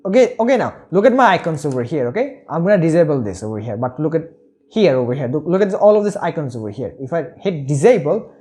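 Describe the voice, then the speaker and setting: A man guides viewers through a screen-recorded coding lesson, narrating each step as he goes. He keeps checking in with a quick "okay?" and points things out "over here". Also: fairly high pitch, very animated, mellow. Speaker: web development tutor.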